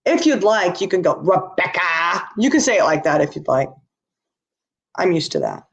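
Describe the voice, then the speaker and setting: A woman's voice: lowish voice, wildly swooping pitch, normal speed, gravelly, darkish tone, husky. A tired woman hosting a casual livestream, talking bluntly and answering her chat as she goes. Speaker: livestream host. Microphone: laptop or webcam.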